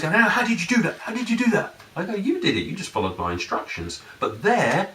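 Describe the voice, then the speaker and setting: In a roomy, echoey space with a distant mic and faint noise, a man who practices NLP and hypnosis explains things casually. He rambles and acts out client exchanges in raised voices. His voice is mid-range and a bit bright.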